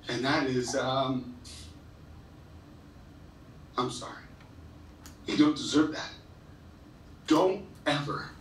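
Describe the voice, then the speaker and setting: In a big school hall or gym, a male motivational speaker tells emotional stories to students, earnest and heartfelt, sometimes stumbling and repeating himself when moved. His voice is medium-pitched and a little bright. The echoey recording is captured from far away, with slight background noise.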